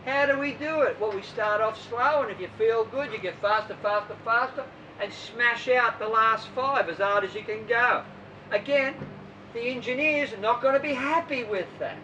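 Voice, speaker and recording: Blunt, high-voiced woman swim coach. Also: moderate pace, sharp tone, far from the mic, muffled recording, a little hiss or hum. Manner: blunt, emphatic, mocks other coaches' methods. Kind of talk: informal coaching talk to athletes.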